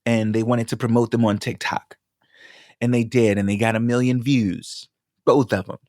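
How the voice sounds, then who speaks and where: A man's voice: medium pitch, little pitch movement, moderate pace, a little mellow, dry recording, clean studio sound. Sassy, affirming male podcast host. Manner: sassy, affirming, talks to listeners as baby and bitch; pep-talk, builds to emotional encouragement. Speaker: podcast host and food vlogger. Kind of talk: casual solo podcast monologue.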